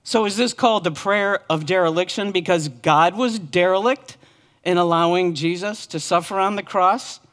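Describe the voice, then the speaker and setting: A woman's voice: fairly low pitch, moderate pace. A woman pastor preaching a sermon with earnest, impassioned repetition. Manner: earnest, impassioned repeated lament.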